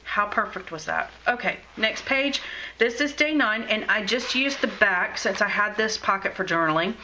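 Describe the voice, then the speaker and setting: In a casual show-and-tell from her home craft room, a middle-aged scrapbooking vlogger gushes over her scrapbook journal, full of fillers and false starts. Her medium-pitched voice is pushed and bright at a normal speed. Slight background noise comes through on the poor audio.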